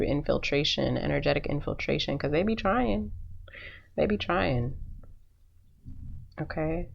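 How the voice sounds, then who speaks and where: Low, gravelly woman giving a card reading. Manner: soothing, repetitive, affirming, with frequent laughs. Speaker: intuitive card reader. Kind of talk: spiritual tarot reading for viewers.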